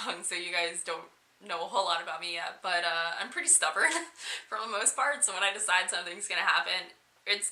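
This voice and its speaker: A woman's voice: mid-range voice, bright, forceful tone. A young woman vlogger telling a personal story to camera in a chatty, casual way, laughing often between fillers. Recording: echoey room.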